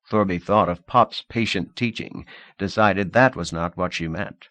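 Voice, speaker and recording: A man narrating a novel in a measured, expressive audiobook reading. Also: low voice, no echo.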